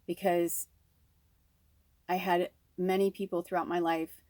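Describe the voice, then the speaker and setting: A woman's voice: lowish voice, level tone, a little slow, a little mellow, dry recording. A woman speaking as a spiritual medium, giving a casual, rambling reading full of "like" and "you know".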